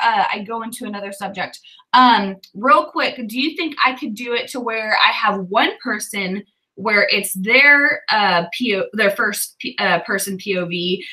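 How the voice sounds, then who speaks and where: Bright-voiced Southern woman chatting casually. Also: mid-range voice, low-quality recording. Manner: chatty, thinks aloud with many fillers. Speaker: writing livestream host. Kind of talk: casual livestream chat.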